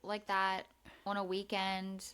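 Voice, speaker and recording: A woman co-hosting a podcast in casual chat, mostly giving short replies and quick asides. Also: mid-range voice, completely flat delivery, a bit bright, clear, resonant tone.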